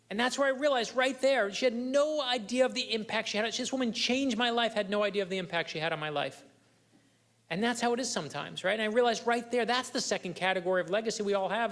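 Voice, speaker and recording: A middle-aged man speaks as a guest at a club luncheon, his voice sitting a little higher than most men's. He tells personal anecdotes in an earnest way and keeps turning to address the listeners in the room. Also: fairly bright tone. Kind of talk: storytelling keynote speech.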